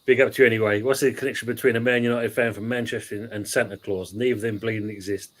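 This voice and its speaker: A man's voice: lowish voice, fairly even intonation, fast talker. A man with a Cockney accent hosting a casual football podcast, bantering and reading out viewer comments. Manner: banter, reads out chat comments. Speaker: podcast host.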